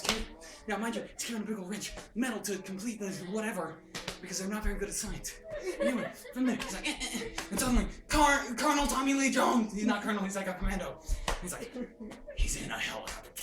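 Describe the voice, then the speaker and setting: A hyper young man retelling a movie in a casual, excited way, laughing and making sound effects, filmed on his sister's phone. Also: high voice, a little fast, pauses often, background noise. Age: young adult. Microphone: phone held by his sister. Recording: roomy and far from the phone, with music.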